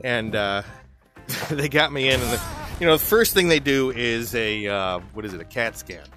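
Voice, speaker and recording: A man's voice: medium pitch, animated, moderate pace, pushed and bright, soft background music. A man telling a long personal story in a casual, chatty way while playing a game, laughing often and restarting his sentences. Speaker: gaming video host. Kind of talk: casual storytelling over gameplay.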